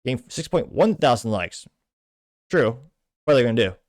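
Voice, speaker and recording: Male podcast host, mid-range voice, quick scornful delivery, dry booth sound. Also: medium pitch, sing-song, no echo. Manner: brisk, scornful commentary between read-out quotes. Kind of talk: reading out and commenting on social media posts.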